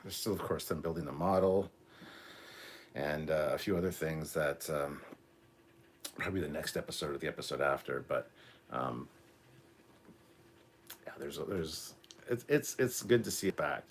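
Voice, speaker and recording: A man's voice: rumbling low, moderate pace, long pauses, slight background noise. A Canadian man in his forties, hosting a casual live reaction stream, rambling with many ums, reading chat aloud and apologizing for a cough. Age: 40s. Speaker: livestream host.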